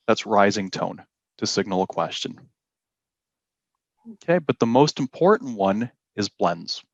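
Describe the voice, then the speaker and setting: Slow, deliberate male teacher. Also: fairly low pitch, big pitch swings, vocal fry, no room sound, highs cut off. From Canada. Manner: slow, deliberate explaining with emphasis on key words. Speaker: IELTS teacher. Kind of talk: classroom lesson. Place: classroom.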